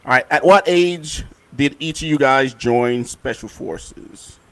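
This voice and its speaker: A man's voice: mid-range voice, slow pace, a bit bright. A man hosting a panel in casual chat, reacting in an upbeat way and putting questions to the guests. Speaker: host.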